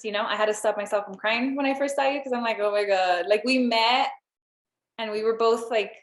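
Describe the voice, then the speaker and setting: A woman's voice: on the high side, fairly bright tone. A woman co-hosting a podcast in a casual, chatty way, laughing often and swearing now and then. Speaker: podcast co-host. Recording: roomy echo.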